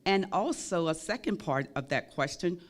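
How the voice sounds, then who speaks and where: A woman moderating a panel, asking questions in a measured way with a few fillers. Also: fairly low pitch, animated.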